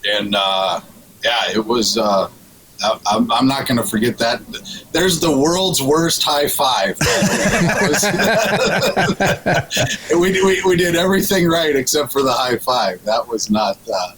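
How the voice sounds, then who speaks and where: A man's voice: mid-range voice, takes it slowly, fairly bright tone, a little hiss or hum, rough recording. A man guesting on a radio show, telling a fishing story in casual chat, with frequent restarts and laughs. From Minnesota.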